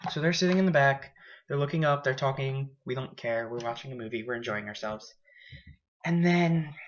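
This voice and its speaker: A man's voice: mid-range voice, muffled recording, a little hiss or hum. Rambling young man vlogging. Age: young adult. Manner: rambling and frank, storytelling. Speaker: college student vlogger. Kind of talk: casual vlog chat.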